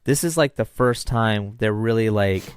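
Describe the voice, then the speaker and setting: A man's voice: on the low side, normal speed, clear, resonant tone, dry recording, clean studio sound. A man co-hosting a podcast in casual chat, ranting with strong opinions. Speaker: podcast co-host.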